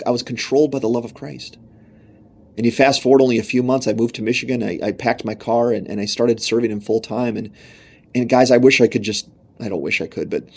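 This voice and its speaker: A man's voice: on the low side, breathy edge. A young man preaching a sermon, telling his own story in an earnest, emphatic way.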